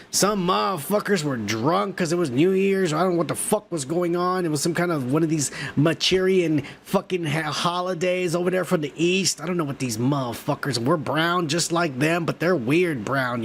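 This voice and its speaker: A male podcast host, drunk and high, rambling through profane, joking commentary. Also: vocal fry, fairly bright tone, a little hiss or hum. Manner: profane, rowdy, jokey.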